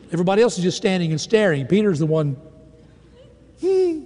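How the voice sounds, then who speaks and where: High, mellow preacher in a reverberant hall. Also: male voice, big pitch swings, brisk. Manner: dramatic storytelling, swelling and dropping to hushed lines. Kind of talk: sermon.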